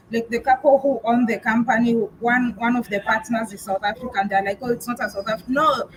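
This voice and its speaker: A woman's voice: fairly high pitch, slight background noise, poor audio. A woman from Kenya hosting a casual live-stream chat, speaking frankly with frequent restarts and repeats. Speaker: vlogger host on a live chat.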